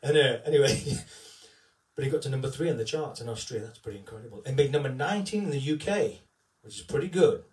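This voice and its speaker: A man chats warmly and earnestly to his live-stream viewers, rambling with plenty of fillers. His voice sits at an ordinary pitch and comes through from some way off the mic. The room rings a little, and faint music plays underneath. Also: lively intonation, fairly quick, reverberant, far from the mic. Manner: heartfelt and rambling, many fillers. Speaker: tribute entertainer. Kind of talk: casual chat on a live stream.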